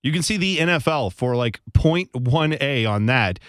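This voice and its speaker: A man co-hosting a radio talk show, arguing his point in a rambling way with halting restarts. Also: medium pitch, expressive, a bit bright, smooth, no echo, studio quality. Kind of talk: casual banter.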